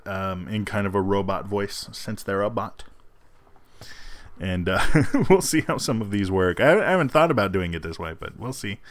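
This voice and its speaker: A man hosting a show, chatting casually and hesitantly, with frequent pauses and restarts, on a close, dry mic. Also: fairly low pitch, fairly bright tone, no room sound. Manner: hesitant, lots of ums and restarts. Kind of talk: casual chat.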